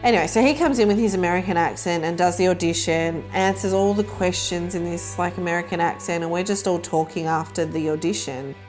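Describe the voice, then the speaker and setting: A woman's voice: lowish voice, a little fast, few pauses, darkish tone, faint music behind. Chatty woman recalling auditions. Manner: chatty, uses many fillers. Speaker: crew member on casting. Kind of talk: documentary interview.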